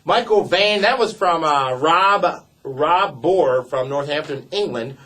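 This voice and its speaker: A man's voice: on the high side, animated, slow, bright, forceful tone. A man co-hosting a casual wrestling show, reading viewer emails aloud with playful emphasis. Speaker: co-host reading viewer mail. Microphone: desk mic.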